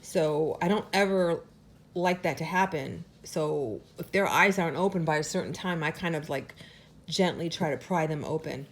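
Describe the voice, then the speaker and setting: A woman dog breeder speaks at normal speed, with slight background noise, in a casual camera update about her puppies. She's earnest and emotional, using a high sing-song whenever she talks to them.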